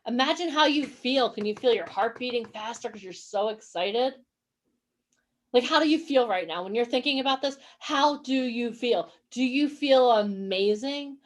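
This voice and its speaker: Woman, high voice, motivational coach, energetic, encouraging, asks the audience questions, video call. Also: normal speed. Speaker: acting and modeling coach. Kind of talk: motivational workshop talk.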